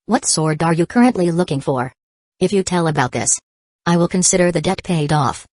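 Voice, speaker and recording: A woman's voice: lowish voice, expressive, a little fast, a little mellow, no echo, studio quality. A woman voicing a greedy, huge old female pirate queen with a cackling laugh, from an audiobook. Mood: demanding.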